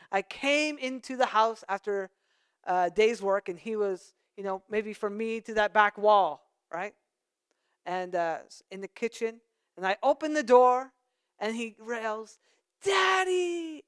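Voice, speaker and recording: A pastor preaching a conversational sermon, with playful asides to the congregation. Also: male voice, high voice, fairly bright tone, clean tone.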